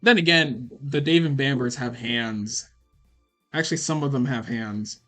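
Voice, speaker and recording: A man's voice: medium pitch, measured pace, pushed and bright, soft background music. A young man answering chat questions on a casual livestream, rambling and swearing with many fillers. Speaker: animator streaming a Q&A.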